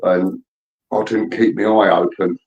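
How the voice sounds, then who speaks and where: A man's voice: deep voice, flat delivery, unhurried, a little mellow, muffled recording. A man telling a rowdy story in casual chat, blunt and full of swearing. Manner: blunt, profane, laddish storyteller.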